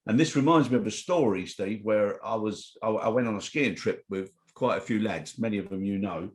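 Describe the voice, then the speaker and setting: Man, middle-aged, co-host, casual chat, chatty storyteller, lowish voice. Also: fairly quick. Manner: chatty, storytelling, reads news headlines aloud. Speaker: co-host of a weekly chat show.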